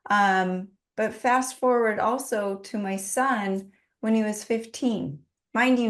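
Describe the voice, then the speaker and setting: A woman in her forties, a podcast guest, telling a personal story in an earnest, heartfelt way. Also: mid-range voice. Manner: earnest, heartfelt, lists things in a steady run. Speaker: podcast guest, business owner.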